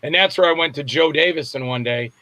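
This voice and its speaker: Older man telling animated stories. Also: on the high side, brisk. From Florida, US. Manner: rambling storyteller acting out quotes. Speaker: guest actor and filmmaker. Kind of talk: casual anecdotal interview.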